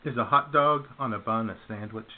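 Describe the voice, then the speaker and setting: A man's voice: on the low side, a little fast. A man hosting a casual talk radio show, firing off upbeat quiz questions and laughing easily. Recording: tinny phone-like sound.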